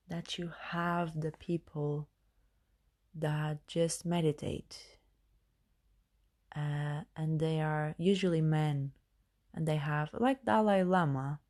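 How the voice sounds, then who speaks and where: A woman podcast host who is not a native English speaker talks through self-help advice. Her voice sits low and warm, and she takes her time, pausing on fillers and restarting her sentences as she searches for words. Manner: hesitant, many fillers and restarts. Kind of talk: casual self-help monologue.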